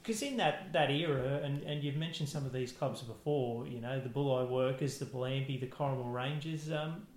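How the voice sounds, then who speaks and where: A man's voice: medium pitch, normal speed. A man interviewing for an oral history, asking careful questions with many restarts. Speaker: interviewer, local football historian. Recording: echoey room.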